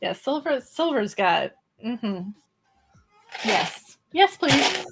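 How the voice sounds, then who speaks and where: A woman's voice: fairly high pitch, very slow, vocal fry, over music. A young American woman streaming live, chatting playfully and swearing freely. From United States. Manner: animated, playful and swearing, with sudden squeals. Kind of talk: casual live-stream chat.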